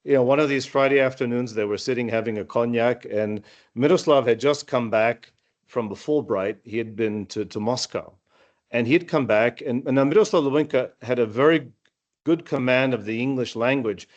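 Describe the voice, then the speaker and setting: Over a video call, a former student shares memories, telling rambling anecdotes full of restarts in a casual storytelling way. He has a medium-pitched voice at a moderate pace, and the audio sounds dull.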